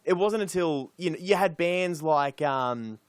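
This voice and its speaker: A man's voice: fairly high pitch, animated, unhurried, clear, resonant tone, dry recording. Opinionated Australian man, dry sound. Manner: sweary, rambling, opinionated. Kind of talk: casual chat.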